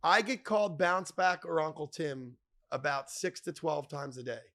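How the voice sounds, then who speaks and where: A man's voice: a little high, animated, moderate pace, a bit bright. A middle-aged man hosting a podcast in a bar, telling rambling, profane, jokey stories full of name-dropping. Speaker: podcast host. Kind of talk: casual storytelling chat.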